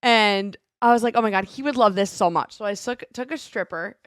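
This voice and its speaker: A woman co-hosting a morning show, telling a story in casual chat and acting out the people in it with lively voices. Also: mid-range voice, brisk, no room sound, studio quality. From Seattle area. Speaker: radio show co-host.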